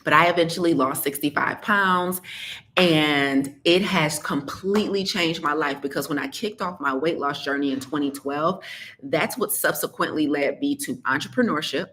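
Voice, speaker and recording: A woman's voice: low voice, moderate pace, fairly bright tone, slight background noise. A woman health coach talking straight to her listeners, sassy and emphatic, repeating points for effect. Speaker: health coach and podcast host. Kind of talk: direct-to-listener motivational talk.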